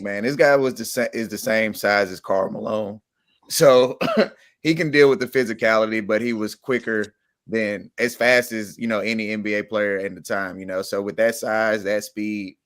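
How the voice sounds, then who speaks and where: Man, sports panelist, lowish voice, calm, measured. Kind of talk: sports talk show.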